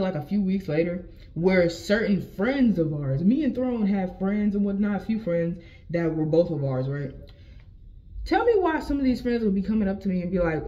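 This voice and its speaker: A young adult woman telling a casual storytime vlog, animated and profane, with lots of slang and acted-out quotes of herself. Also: lowish voice. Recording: slightly dull lo-fi sound.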